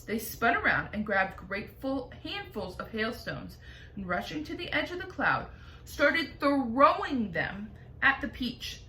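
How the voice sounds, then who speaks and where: A woman teacher reading a chapter book aloud with lively storytelling. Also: a little high. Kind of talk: expressive read-aloud. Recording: echoey room, faint noise.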